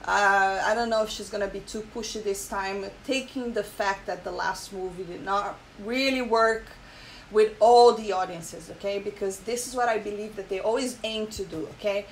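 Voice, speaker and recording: A woman hosting her own channel, chatting emotionally in casual commentary with many fillers, pausing to read an article aloud. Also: medium pitch, fairly even intonation, a little hiss or hum, poor audio. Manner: emotional, frequent fillers and repeated "okay?". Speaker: channel host.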